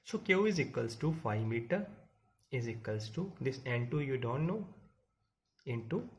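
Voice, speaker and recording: Gravelly-voiced man teaching physics. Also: mid-range voice, lively intonation, moderate pace, darkish tone. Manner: explains step by step, repeats points, asks the class questions. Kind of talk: classroom lecture. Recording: dull lo-fi audio with faint hiss.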